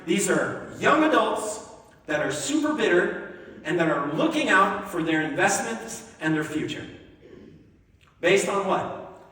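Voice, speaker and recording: Animated pastor in an echoey church. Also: male voice, sits high, measured pace, pauses often. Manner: animated and jokey, acting out voices, laughs often. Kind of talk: lively conversational sermon. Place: church sanctuary. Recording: echoey hall, distant mic.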